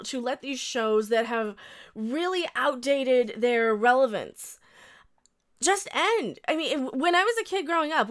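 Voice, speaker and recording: Woman, 30s, reaction video host, higher voice, reading an article aloud with ranting commentary, blunt and profane, stumbling restarts. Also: a bit bright.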